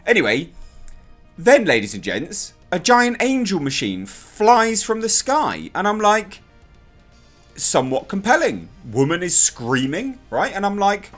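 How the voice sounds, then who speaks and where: A young man giving a casual, exasperated spoken review of a TV episode, ranting in an animated way. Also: sits high, measured pace, soft background music.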